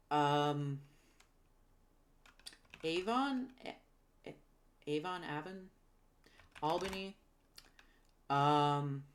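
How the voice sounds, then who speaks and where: A woman recalling and naming towns out loud, hesitant with many ums, correcting herself and apologizing for her pronunciation. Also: low voice, a little hiss or hum. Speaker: geography video creator. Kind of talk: casual recall while typing.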